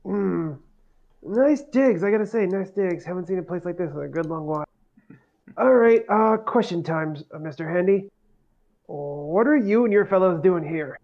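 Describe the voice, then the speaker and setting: A man's voice: high voice, moderate pace, vocal fry, muffled recording. A man playing a tabletop game, talking in an easygoing, hesitant way. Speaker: player. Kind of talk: tabletop role-play, casual.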